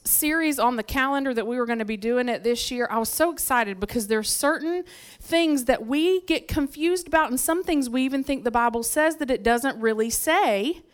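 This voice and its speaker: Woman preaching in a smooth, higher voice. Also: normal speed. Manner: conversational, lively storytelling with frequent asides. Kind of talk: sermon. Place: church sanctuary.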